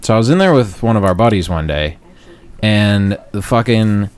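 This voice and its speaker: A man's voice: on the low side, animated, normal speed, clear, resonant tone. A man co-hosting a podcast, telling a crude story in casual chat, swearing and laughing often. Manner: profane, laughing, acts out quoted voices loudly. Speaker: podcast co-host. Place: podcast studio.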